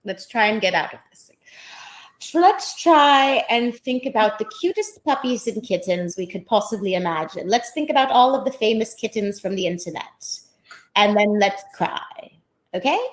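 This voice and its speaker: A woman's voice: on the high side, animated, moderate pace. A woman hosting a comedy sketch, playing a mock-earnest acting instructor with a wry delivery. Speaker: comedy host.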